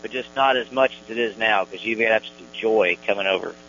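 A man co-hosting a religious radio program, speaking warmly and affirmingly. His voice is bright and forceful but sounds dull over the lo-fi audio, with a faint hum behind it. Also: fairly low pitch, fast. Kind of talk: religious radio talk show.

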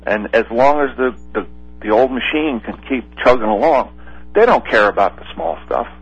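A man's voice: medium pitch, slightly rough. Man calling in over a dull phone line. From Pennsylvania. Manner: rambling, halting, many fillers. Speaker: caller. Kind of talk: call-in radio chat.

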